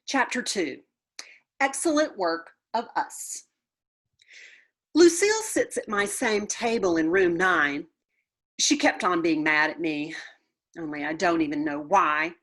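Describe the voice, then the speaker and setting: Expressive woman reading a children's book. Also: on the low side, a little slow. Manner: expressive, playful storytelling. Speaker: storybook reader. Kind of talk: children's book read-aloud.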